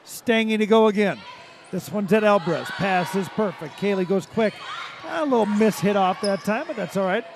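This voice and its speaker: A man doing play-by-play of a high school volleyball match, calling plays quickly and shouting on big points. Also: animated. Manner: rapid calls that rise to shouts at big plays. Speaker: play-by-play announcer. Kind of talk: volleyball commentary. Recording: loud crowd and gym noise.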